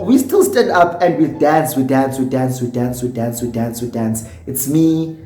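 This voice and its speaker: A slightly high-voiced man with a South African accent, a bit tipsy as he tells a storytime in a vlog. He acts out each quote with animated energy. The room sounds roomy and echoey, with faint music playing underneath. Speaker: YouTuber.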